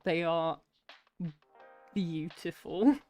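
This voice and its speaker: A woman's voice: on the low side, extremely slow, dark tone, soft background music. A young woman chatting casually during an art livestream, chatty and self-mocking. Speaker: art streamer. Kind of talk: casual chat while drawing on a livestream.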